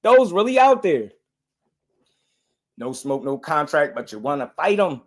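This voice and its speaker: A man's voice: a little high, unhurried. Insistent man on a live boxing stream. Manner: animated, insistent, repeats himself, calls out viewers. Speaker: boxing show host. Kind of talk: live-stream boxing talk, answering chat.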